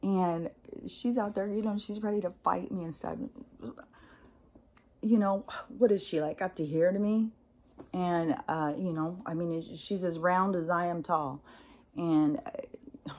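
A woman's voice: on the low side, unhurried, a little mellow. Blunt, profane woman telling a story. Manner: blunt and profane, with frequent laughs and fillers. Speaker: host. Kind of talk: casual storytelling monologue.

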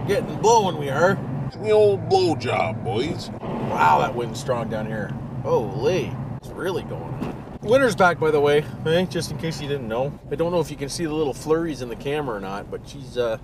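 Older Ontario man, fairly high voice, crude joking vlogger, recorded from a distance in a noisy car. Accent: Canadian, Ontario. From Canada. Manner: crude joking banter, repeats catchphrases like "friggin' right". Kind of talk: casual vlog chat while driving. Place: inside a car while driving. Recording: distant mic with loud car noise.

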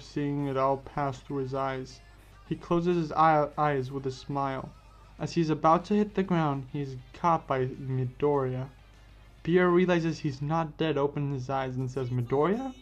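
A man narrating a fan-made story casually, correcting himself as he goes. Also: fairly high pitch. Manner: unscripted, self-correcting. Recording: dull lo-fi with faint music.

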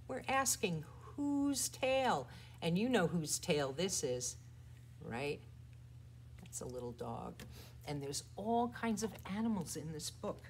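A woman who works as a children's librarian, leading a toddler storytime with rhymes and a picture book, swinging between exaggerated soft and loud voices. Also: mid-range voice, slight background noise.

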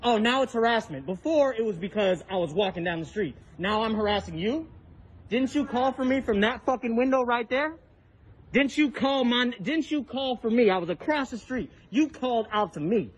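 On a residential street, a man with an extremely high, husky voice angrily confronts a neighbor while filming on his phone, captured in low quality. At a moderate pace and with lively intonation, he swears and demands the neighbor's name in a heated, profane argument.

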